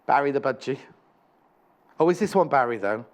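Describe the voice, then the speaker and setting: A man's voice: mid-range voice, lively intonation, moderate pace. A man presenting craft kits on a live shopping channel, chatty and enthusiastic, rambling with frequent self-corrections.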